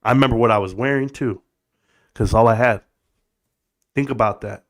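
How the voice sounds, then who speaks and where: A middle-aged man hosting a casual livestream, joking, laughing and swearing, then settling into a quieter tone to tell personal stories. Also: mid-range voice, moderate pace. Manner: goofy, laughing, swearing, bursts of put-on voices. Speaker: livestream host.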